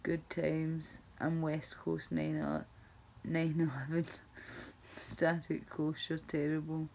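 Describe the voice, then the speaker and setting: A woman's voice: low voice, monotone, slow, gravelly, a little mellow, a little hiss or hum. A Scottish woman chatting casually with her stream viewers, swearing and laughing as she talks. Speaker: livestreamer. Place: at home. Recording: dull lo-fi stream audio.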